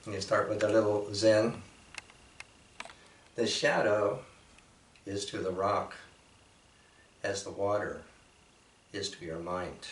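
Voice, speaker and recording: A man giving a reflective, unhurried talk, with measured pauses and frequent fillers. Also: fairly low pitch, fairly even intonation, a little hiss or hum. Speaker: speaker presenting a painting. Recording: roomy echo from a distant mic.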